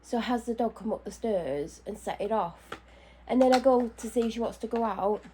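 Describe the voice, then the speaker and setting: A woman's voice: fairly high pitch, moderate pace, dark tone, a little hiss or hum. A woman chatting casually at home while doing her skin care, anxious and out of breath. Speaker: vlogger. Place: home bedroom.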